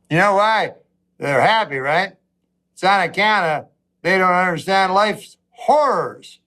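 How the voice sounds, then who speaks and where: High-voiced man rambling through stand-up. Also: animated, a bit bright. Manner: rambling, meandering delivery with long pauses and self-interruptions. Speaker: stand-up comedian. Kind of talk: stand-up comedy set.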